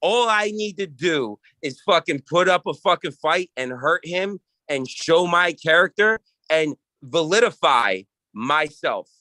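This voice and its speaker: Brash trash-talking man, bright voice. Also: a little high, lively intonation, unhurried, few pauses, no echo. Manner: brash, profane, boastful. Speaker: arm wrestler guest. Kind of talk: casual trash-talk chat.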